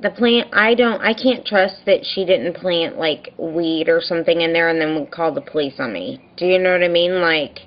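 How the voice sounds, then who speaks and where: A woman's voice: lowish voice, dull audio. A woman vlogger venting in a rambling, frustrated daily video diary, telling a story by quoting what she and others said.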